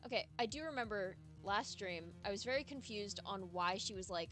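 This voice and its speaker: A woman streaming a courtroom game, reading the dialogue aloud and chatting excitedly between lines. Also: mid-range voice, normal speed, soft background music. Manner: chatty, excitable, giggly asides. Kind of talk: casual let's-play commentary, reading lines.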